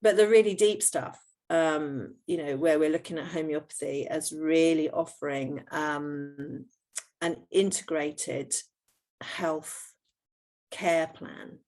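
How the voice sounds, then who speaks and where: A woman's voice: low voice, slow, a little mellow. A middle-aged woman, a homeopath, explaining her work patiently in an interview, with many fillers and restarts.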